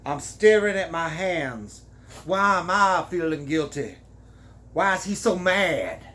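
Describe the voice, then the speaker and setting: A man giving a comic reading of a novel, with wry, deadpan asides. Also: on the high side, slow pace. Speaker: reader.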